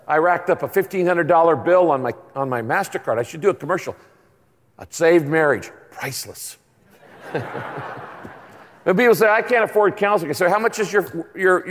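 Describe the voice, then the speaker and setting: A man's voice: high voice, fairly quick. A man in his sixties preaching a sermon as pastor, telling stories in a conversational, humorous way in a large church auditorium. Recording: long hall reverb.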